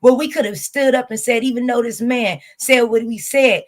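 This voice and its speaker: A woman's voice: on the high side, lively intonation, normal speed, few pauses. A woman YouTube host with a Southern US accent, ranting bluntly and profanely to her viewers. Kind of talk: casual reaction rant to camera.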